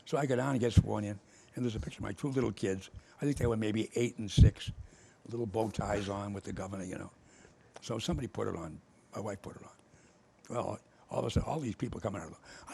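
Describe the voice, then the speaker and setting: An older man, telling stories in casual conversation and acting out both sides of old arguments with lively energy. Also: lowish voice, fast, slight background noise. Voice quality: gravelly, husky. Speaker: former state official telling stories.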